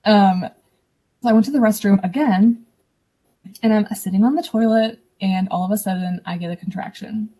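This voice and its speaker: A young woman with a soft, breathy voice and a mellow tone tells a personal story on a podcast. She talks casually and with animation, slipping into the voices of the people she quotes. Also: mid-range voice, normal speed. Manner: animated, acts out quoted dialogue. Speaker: podcast guest.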